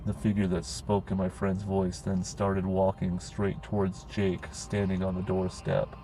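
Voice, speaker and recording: A man narrating a horror story in a grim, steady storytelling manner. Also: sits low, measured pace, a little hiss or hum, rough recording.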